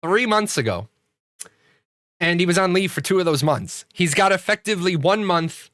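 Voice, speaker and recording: A man from the United States chatting casually on his stream, a profane storyteller who rants and restarts his sentences. His voice sits a bit high and sounds bright and forceful. The recording is close and dry, with no room around it. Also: expressive, moderate pace, dry recording. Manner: rambling with frequent restarts. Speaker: streamer hosting a game community show. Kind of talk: casual livestream chat.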